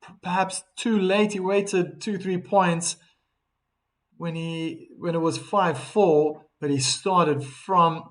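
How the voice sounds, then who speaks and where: A man giving live play-by-play tennis commentary on a stream, calm between points, livelier on big shots, reading viewer chat aloud. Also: high-pitched, takes it slowly.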